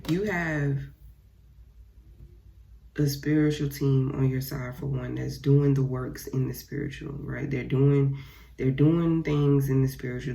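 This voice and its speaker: A woman's voice: rumbling low, creaky, warm tone. A young woman giving a casual tarot reading, blunt and profane, repeating phrases and talking straight to her viewers. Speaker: tarot reader.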